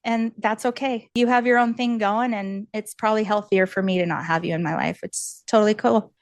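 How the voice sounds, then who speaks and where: A woman as a podcast guest, telling a candid personal story in an animated, earnest way, laughing often and acting out what others said. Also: medium pitch, fairly quick, dry recording. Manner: animated, laughs often, acts out quoted voices; earnest and encouraging.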